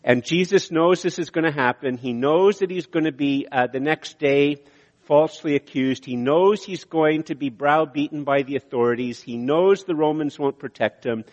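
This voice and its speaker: Earnest older man preaching in an echoey hall. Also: fairly high pitch. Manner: earnest, repetitive, with pauses and fillers. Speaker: pastor. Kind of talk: sermon. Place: church hall. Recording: echoey church hall, slightly dull sound.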